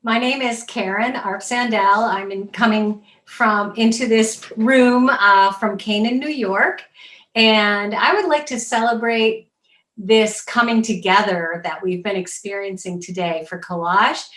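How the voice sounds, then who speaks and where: Woman saying hi to the group real slow, echoey room. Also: medium pitch, fairly even intonation, a bit bright. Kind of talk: introducing herself in a group.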